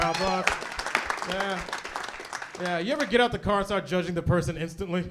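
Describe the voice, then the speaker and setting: A man performing an animated stand-up comedy set on a club stage, often tagging jokes with "right?". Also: high voice, a little fast, long pauses, a crowd in the background. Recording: noisy live club recording. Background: audience laughter.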